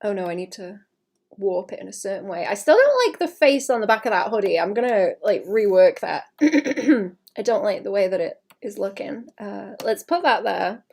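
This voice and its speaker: A young woman chatting casually to her stream as she draws, muttering to herself and often clearing her throat. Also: mid-range voice, lively intonation, moderate pace, a little mellow. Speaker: artist livestreaming. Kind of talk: casual streaming chat while drawing.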